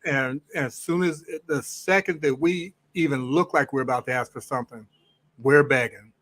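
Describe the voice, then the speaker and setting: Measured man calling in. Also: medium pitch, fairly bright tone, no room sound, poor audio. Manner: measured, thoughtful, with hesitations. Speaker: guest caller. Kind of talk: casual call-in commentary.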